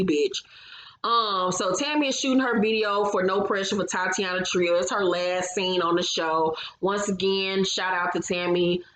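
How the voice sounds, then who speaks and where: A woman's voice: mid-range voice, fairly bright tone, roomy sound, a little hiss or hum, low-quality recording. A woman recapping a reality TV episode in a blunt, sassy, heavily profane casual chat, often mimicking the cast.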